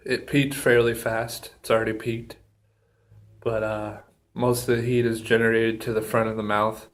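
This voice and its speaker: A man talking casually in a solo review vlog, halting with many ums and pauses, a bit out of breath, with a runny nose and a burning mouth. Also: fairly low pitch, completely flat delivery. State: slightly out of breath from pepper heat. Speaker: pepper reviewer.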